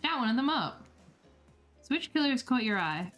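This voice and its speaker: A woman's voice: a little high, very animated, moderate pace, fairly bright tone, dull audio, soft background music. A woman streamer reading a dating game aloud, playful and giggly as she reacts to chat between the lines.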